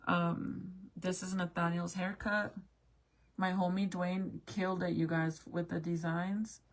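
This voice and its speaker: A woman's voice: on the low side, little pitch movement, measured pace. A young woman chatting casually with viewers as she looks back through old family photos, swearing now and then. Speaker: mom vlogger.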